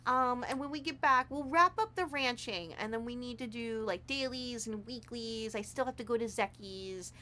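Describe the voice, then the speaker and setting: A woman live-streaming a game, chatting casually with viewers and gushing with excitement over what she finds. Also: fairly high pitch, moderate pace, few pauses. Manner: excitable, gushing and squealing with delight; chatty, addresses viewers as sweethearts.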